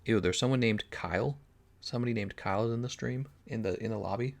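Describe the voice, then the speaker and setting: Speaking fast in a fairly low, creaky voice, a man gives casual live-stream commentary while playing a game. He jokes, muses aloud, and responds to questions from his viewers.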